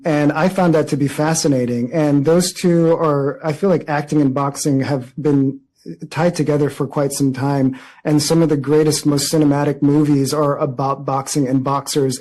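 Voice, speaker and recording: A man's voice: fairly high pitch, darkish tone, rough recording. A man giving a press interview, talking in an earnest, reflective way with frequent restarts. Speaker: interviewee, actor.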